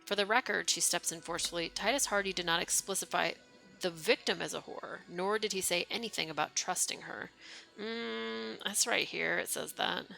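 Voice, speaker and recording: A woman's voice: fairly low pitch, normal speed, gravelly, bright, forceful tone, soft background music. A young woman streaming a game live, reading its text aloud with chatty asides and swearing.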